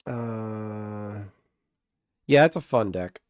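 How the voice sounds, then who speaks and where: A man streaming a card game live, chatting casually with viewers, excitable and swearing freely. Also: fairly low pitch, very slow, clear, resonant tone, dry recording.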